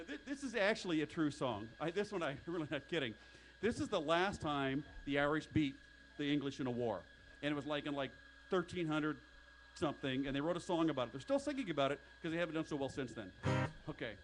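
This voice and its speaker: A man playing guitar and singing folk songs live in a small bookstore, joking and teasing himself between songs. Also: fairly high pitch. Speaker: singer-guitarist. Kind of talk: live folk set with banter.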